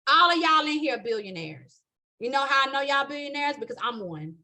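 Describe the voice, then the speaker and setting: High-voiced emphatic woman teaching astrology. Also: big pitch swings, fairly quick, bright, forceful tone. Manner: emphatic and preachy, with frequent checks of "okay?"; repetitive, building emphasis. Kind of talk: live motivational spiritual class.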